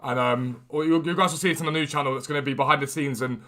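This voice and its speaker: A young man streams a video game, chatting casually and energetically with his viewers. His voice is medium-pitched and his pace quick, in typical live-stream talk.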